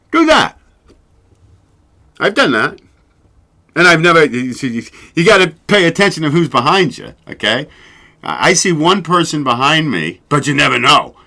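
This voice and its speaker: On his solo livestream, a man with a fairly high voice hosts his own show in a loose, rambling way, cursing freely and laughing a lot. His delivery is pushed and bright.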